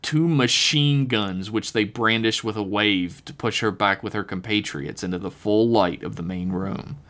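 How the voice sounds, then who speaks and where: A man reading his own written story aloud on a podcast, relaxed, slowing down on the eerie details. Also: lowish voice.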